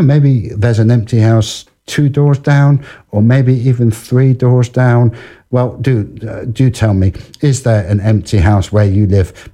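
A man presents a small radio show, musing aloud and teasing his listeners with dry, self-mocking jokes. His voice sits low and mellow, and he keeps circling back on his own words. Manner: rambling, dry, jokey, many restarts and fillers. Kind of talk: self-deprecating radio patter.

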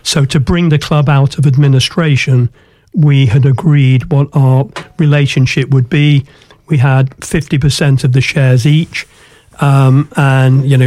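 Earnest older man, dark dry voice. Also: medium pitch, dry recording. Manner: earnest, many ums and restarts. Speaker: guest, former football club chairman. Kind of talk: radio interview storytelling.

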